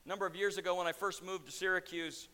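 A man preaching a sermon to a church, swinging from hushed, quiet passages to loud, driving ones. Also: high voice, fairly even intonation, fast talker. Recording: echoey hall reverb.

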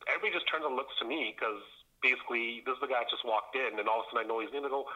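A middle-aged man from Canada telling a story on a podcast, animated and laughing often as he acts out the voices of people in it. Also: medium pitch, very fast, muffled recording. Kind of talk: casual storytelling chat.

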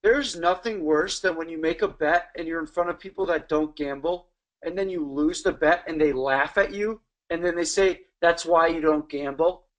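A man's voice: fairly high pitch, normal speed. A man co-hosting a podcast in casual chat, bantering bluntly and swearing. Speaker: podcast co-host.

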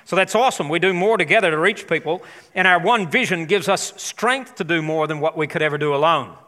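Bright, lively pastor in a big hall. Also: male voice, on the high side, brisk. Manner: enthusiastic, chatty, rallies the congregation. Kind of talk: live church sermon. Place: large church auditorium. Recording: long hall reverb.

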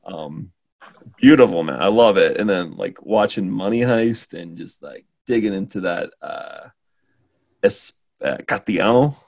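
A man co-hosting a podcast in casual chat, animated, filling his talk with "like" and dropping into Spanish. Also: deep voice, a little slow. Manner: animated, says like a lot, mixes in Spanish. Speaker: podcast co-host.

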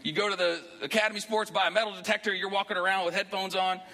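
A man's voice: sits high, little pitch movement, fast, pushed and bright, long reverb tail. A man preaching a sermon to his church as pastor, talking conversationally and rising into emphatic bursts. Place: church sanctuary.

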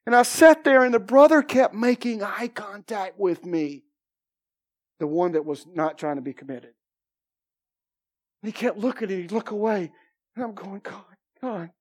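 A preacher giving a sermon testimony, telling a story with repeated phrases and acting out what each person said. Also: mid-range voice.

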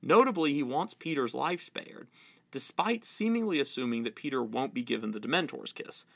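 Gravelly man giving book analysis. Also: medium pitch, lively intonation, normal speed, a bit bright. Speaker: literary commentator.

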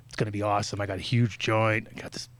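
A man telling a story in casual chat, animated and swearing, acting out quotes with sudden jumps in pitch. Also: fast talker. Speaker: podcast guest telling a story.

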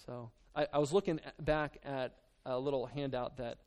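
A man's voice: medium pitch, steady tone, darkish tone. Earnest man preaching a casual sermon. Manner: earnest, conversational, halting with restarts and fillers. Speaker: pastor.

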